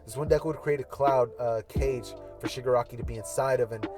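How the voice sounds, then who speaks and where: A man's voice: mid-range voice, quick pace, music in the background. Man narrating an anime fan scenario. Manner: rambling, repetitive hypothetical narration with fillers. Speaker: YouTuber. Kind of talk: casual fan-fiction storytelling.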